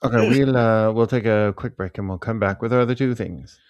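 A man hosting a casual movie review chat, relaxed and crude-humored. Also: fairly low pitch, fairly quick, dry recording, lo-fi sound. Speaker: podcast host.

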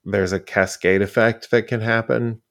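A man's voice: fairly low pitch, fairly even intonation, moderate pace, fairly bright tone. A man co-hosting a podcast who talks about a film's cast and story in an easygoing, casual way. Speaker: podcast co-host. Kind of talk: casual film discussion.

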